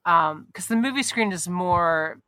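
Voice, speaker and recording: A woman's voice: lowish voice, animated, a little slow, pushed and bright, smooth, no echo. A woman hosting an interview podcast who asks rambling questions and searches for her words. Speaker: podcast host. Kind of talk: casual interview chat.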